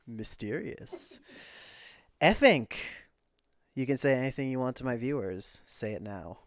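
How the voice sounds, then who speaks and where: A man with a clear, resonant voice and a dry, close sound, speaking at an everyday pitch. He is the dungeon master of a tabletop game, thanking his players and passing the turn to each of them. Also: big pitch swings, unhurried, dry recording. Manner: upbeat, thanking players and calling on them one by one. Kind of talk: casual sign-off of a tabletop game stream.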